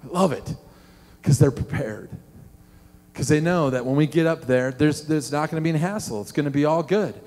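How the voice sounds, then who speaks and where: A middle-aged man, a pastor preaching a sermon and telling animated stories with questions to the congregation. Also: fairly high pitch, brisk. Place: church sanctuary. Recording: long hall reverb.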